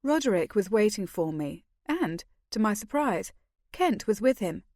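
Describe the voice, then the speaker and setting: A woman's voice: mid-range voice, big pitch swings, measured pace, warm tone, no echo, studio quality. Woman reading a fantasy audiobook. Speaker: audiobook narrator. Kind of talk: first-person audiobook narration.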